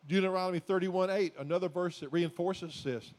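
A man preaching a sermon as pastor, exhorting his congregation in a folksy, repetitive way that builds to loud emphatic declarations. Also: sits high, fairly even intonation, a little fast.

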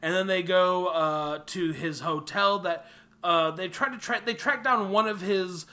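A man's voice: high-pitched, unhurried, sharp tone. A man from Illinois in casual podcast chat, joking and recapping a film plot. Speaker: podcast co-host.

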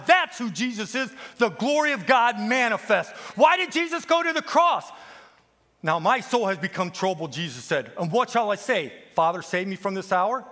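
A man preaching a fiery sermon, firing rhetorical questions and quoting scripture, swinging from loud to hushed. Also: sits high. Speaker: guest preacher.

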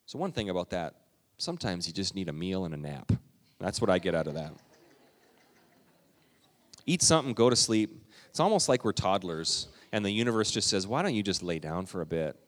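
A man's voice: deep voice, very animated, normal speed, pauses often, in a large hall. A man preaching a sermon as a pastor, in an earnest, conversational way that builds to urgency.

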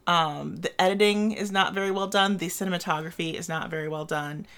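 A woman's voice: on the low side, fairly even intonation, fairly quick, a bit bright. Blunt, opinionated woman reviewing a film. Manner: opinionated, blunt, sarcastic asides. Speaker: podcast co-host. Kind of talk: casual film review chat.

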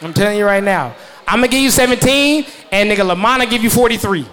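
A man in his thirties performing a stand-up comedy set, loud and profane, laughing at his own jokes as the audience laughs. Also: high voice, lively intonation, quick pace. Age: 30s.

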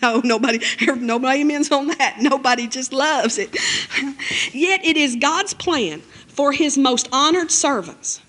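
A woman preaching a sermon and reading scripture aloud, emphatic and conversational, with her voice jumping up high on key phrases. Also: measured pace, fairly bright tone. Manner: conversational asides, 'you know'.

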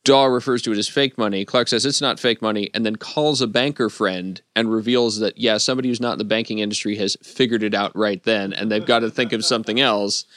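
Wry, smooth-voiced man in dry studio. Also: on the low side, steady tone, fairly quick, few pauses, fairly bright tone, dry recording. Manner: wry, analytical, dry humor. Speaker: podcast panelist. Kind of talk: casual podcast discussion.

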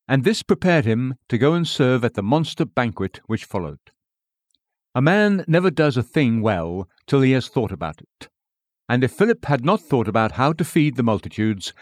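A man reading an old sermon in an earnest, measured way. His pitch rises and falls in a lively, expressive line. The sound is close and dry, with no room around it. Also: dry recording. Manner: measured, earnest, rhetorical questions. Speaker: preacher. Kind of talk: read-aloud sermon.

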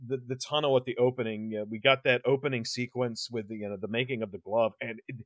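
A podcast co-host chats casually about a horror movie, rambling, restarting often, and swearing. His medium-pitched voice keeps a steady tone at a fast pace, with no echo.

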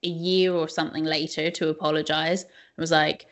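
A young woman co-hosting a podcast, telling stories in a chatty, animated way with many fillers. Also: deep voice, brisk. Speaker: podcast co-host. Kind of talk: casual chat.

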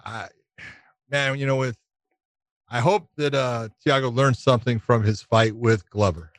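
A man who used to referee fights, telling relaxed anecdotes with quoted dialogue. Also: mid-range voice, a little slow, no echo. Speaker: former referee, podcast co-host. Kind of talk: casual chat.

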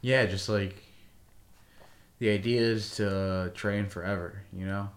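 Man, low-pitched, casual podcast chat, rambling, filler-heavy, profane, referee stories. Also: steady tone, takes it slowly. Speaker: podcast co-host, grappling referee.

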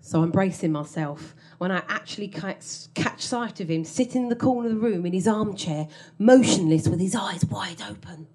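A woman's voice: medium pitch, moderate pace, few pauses, a little mellow. A woman telling a comic story from her own life on stage, wry and self-mocking, often laughing through her lines.

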